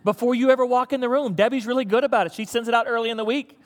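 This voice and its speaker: A man's voice: very high voice, steady tone, racing, in a large hall. A man preaching a sermon to his church in a conversational, teasing way. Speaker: pastor.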